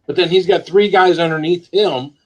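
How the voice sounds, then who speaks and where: A man's voice: sits high, moderate pace, lo-fi sound. A man in casual chat, chiming in and agreeing.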